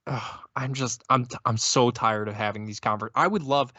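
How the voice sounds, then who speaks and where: A man's voice: medium pitch, fairly even intonation, normal speed, pushed and bright, no room sound, muffled recording. A man co-hosting a casual sports podcast, talking in exasperated rants full of stammering restarts. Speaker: podcast co-host.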